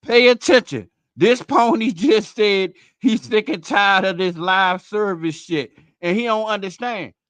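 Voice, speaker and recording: A man hosting a live stream, out of breath, talking in a loud, rambling, profanity-heavy way. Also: high-pitched, no echo. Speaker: host. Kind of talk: casual stream commentary.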